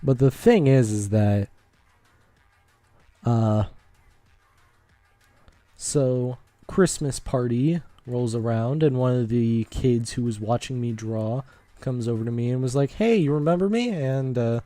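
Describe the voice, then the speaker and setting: Brief: teen male streamer, casual meandering storyteller, warm low-key tone, mid pitch. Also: slow pace, pauses often, no echo, faint music behind. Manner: rambling, with many fillers and asides.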